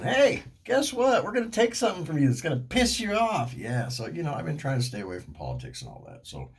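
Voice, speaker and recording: Cranky, profane middle-aged man ranting. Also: on the low side. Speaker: vlogger. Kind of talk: casual ranting monologue.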